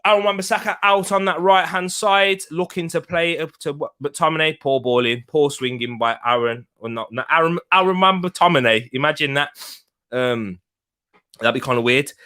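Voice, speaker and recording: A man's voice: fairly high pitch, moderate pace, pushed and bright. A young man hosting a live football watch-along, chatting loosely, reacting to the match and reading out viewer comments with frequent laughs.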